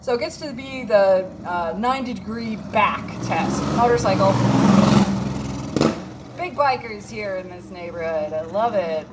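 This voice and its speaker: A woman's voice: medium pitch, animated, a little slow, very noisy. A woman in her thirties, from Minnesota, tells a casual story on her vlog with a wry, self-mocking manner and plenty of swearing. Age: 30s. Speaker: vlogger.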